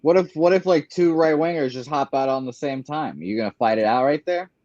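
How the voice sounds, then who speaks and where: A man giving a casual movie review as a guest, rambling and halting with lots of ums and uhs. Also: fairly high pitch, darkish tone, no room sound. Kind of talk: casual chat. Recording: dry, dull lo-fi remote line.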